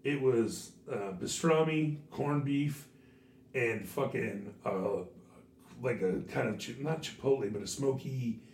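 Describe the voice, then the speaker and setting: A hoarse man with a craggy, sore throat hosts a podcast, swearing and telling stories in a casual chat. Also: medium pitch, slow. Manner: animated, swearing, storytelling. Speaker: podcast host and teacher. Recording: echoey room, distant mic.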